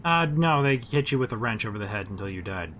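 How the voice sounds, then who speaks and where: A man's voice: mid-range voice, expressive, fast, fairly bright tone. A man giving jokey, rambling commentary while playing a video game. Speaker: gaming host. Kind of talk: casual let's-play commentary. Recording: game noise behind his mic.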